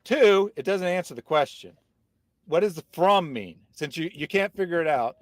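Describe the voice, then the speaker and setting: Male host, mid-pitched, sarcastic and combative with commenters, dry close mic. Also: moderate pace, dry recording. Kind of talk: live-stream debate chat, reading viewer comments.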